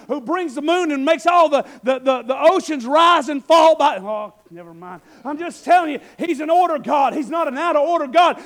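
Preacher guy with a really high voice, fired up and folksy, keeps repeating lines. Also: normal speed, hardly any pauses, a faint crowd. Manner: fervent, repetitive, breaks into shouting; folksy, conversational asides. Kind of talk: sermon.

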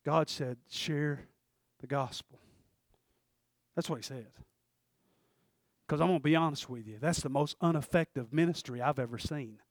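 A middle-aged man preaching a sermon and telling a personal story in a folksy way, swinging from hushed to loud. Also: fairly high pitch, moderate pace, long pauses, no room sound, studio quality. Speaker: pastor. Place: church sanctuary.

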